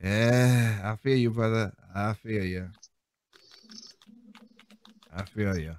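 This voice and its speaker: A man's voice: fairly low pitch, steady tone, slow, darkish tone, no room sound. A man hosting a one-man show, rambling casually and laughing often as he reads viewer comments. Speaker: host.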